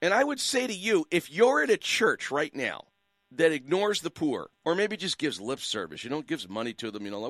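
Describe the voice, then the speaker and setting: Fired-up radio host, high lively voice. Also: male voice, normal speed, dry recording. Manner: preachy, fired-up, hammering rhetorical questions. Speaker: radio talk show host. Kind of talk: impassioned call-in radio commentary.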